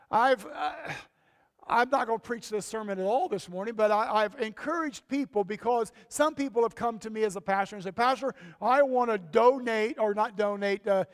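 A man's voice: sits high, big-room sound. A male pastor delivering a folksy, emphatic sermon, his voice rising sharply on key points. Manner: folksy, emphatic preaching with sudden rises.

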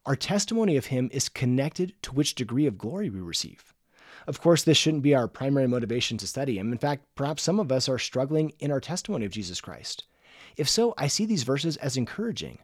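A middle-aged man hosting a devotional podcast, speaking earnestly and slowing down to stress key words. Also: mid-range voice, sing-song, dry recording, clean studio sound. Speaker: podcast host and religion teacher. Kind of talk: scripted devotional podcast talk.

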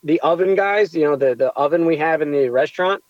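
Animated young man telling a story. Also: a little high, brisk, no room sound, dull audio. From United States. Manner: animated, rambling with restarts. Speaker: pizzeria owner, guest. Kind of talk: casual storytelling interview.

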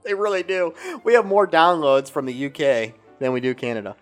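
A man's voice: fairly high pitch, expressive, faint music behind. A man co-hosting a podcast in a studio, joking and recounting stories in a casual tone. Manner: jokey, storytelling, quick to laugh. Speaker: podcast co-host. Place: recording studio.

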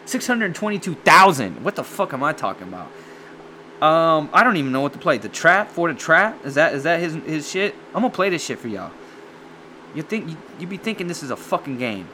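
A man chatting casually and profanely as he reacts to music, excitable and rambling. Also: a little high, brisk, slight background noise. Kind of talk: casual chat.

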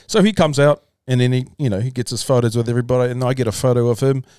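Rapid-fire and a little mellow, this man's medium-pitched, clean-toned voice carries a long story he tells as a podcast guest. He keeps it loose, swears freely, restarts his sentences, and calls people "bro," all in clean studio audio without echo.

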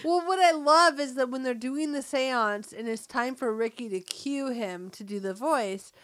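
Woman, high voice, podcast co-host, casual chatty recap, dry mic. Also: fairly bright tone, no room sound. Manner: quick reactions, laughs often, chimes in with quoted lines. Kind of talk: casual chat recapping a sitcom episode.

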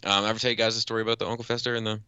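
A man's voice: fairly low pitch, little pitch movement, very fast, bright, forceful tone, smooth, no room sound, dull audio. A man in his thirties co-hosting a podcast, telling stories in rambling casual chat and swearing freely. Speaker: podcast co-host.

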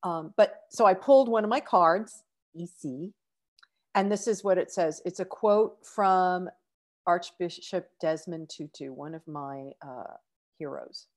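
A middle-aged woman hosting an inspirational podcast, talking earnestly and with emotion, with sighs and restarts. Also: lowish voice. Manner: slow, earnest, emotional, breaks off to sigh. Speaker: podcast host.

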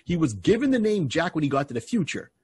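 A man co-hosting a podcast who tells stories in an animated way, with many restarts. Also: a little high, fast talker, breathy edge. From Barbados. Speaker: podcast co-host and comedian. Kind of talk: casual podcast chat.

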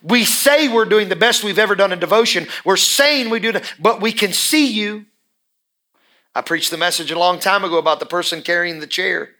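A man's voice: sits high, moderate pace, sharp tone. A male pastor preaching a sermon in a church, emphatic and repeating his phrases for effect.

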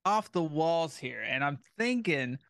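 A man appearing as a guest on a casual podcast, playfully making up deadpan nonsense. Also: on the high side, measured pace, gravelly, dry recording, studio quality. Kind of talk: casual chat.

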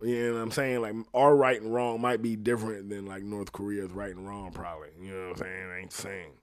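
A man's voice: lowish voice, fairly even intonation, a little fast. A young adult man talking in a casual, rambling and profane way, laughing often as he goes. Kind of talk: casual chat.

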